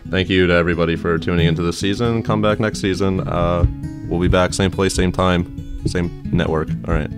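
A man's voice: low-pitched, steady tone, a little fast, music in the background. A young man hosting a casual radio show, dryly teasing a caller. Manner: dry teasing, amused. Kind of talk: casual chat.

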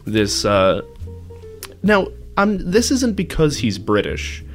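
A man's voice: mid-range voice, huge pitch swings, takes it slowly, faint music behind. A young man on a casual podcast, telling a self-mocking story with voiced asides and frequent laughs. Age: young adult. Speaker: podcast co-host. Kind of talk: casual chat.

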